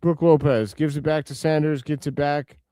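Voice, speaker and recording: On his live watch-along stream, a man speaks a little high at a moderate pace, calling the action casually and replying to viewer comments. He gets excitable when big plays happen, and the audio has no echo.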